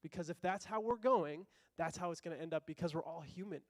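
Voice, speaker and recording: A man with a fairly high voice gives a casual, conversational sermon, throwing out rhetorical questions and acting out little quotes. The sound is dry and close, with almost no room echo. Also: fast talker. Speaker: pastor.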